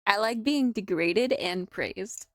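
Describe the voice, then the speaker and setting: A woman's voice: medium pitch, slow pace, no echo, studio quality. A woman in her twenties, a streamer in casual live-stream chat, giggly and chatty with lots of "like". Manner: giggly, chatty, filler-heavy with "like".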